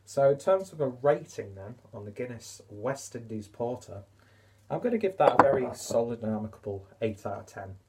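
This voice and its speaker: Male vlogger, relaxed dark voice, rambling and upbeat, swears casually. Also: medium pitch, normal speed, a little hiss or hum. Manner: chatty, enthusiastic, swears casually. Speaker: beer reviewer. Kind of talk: casual video review.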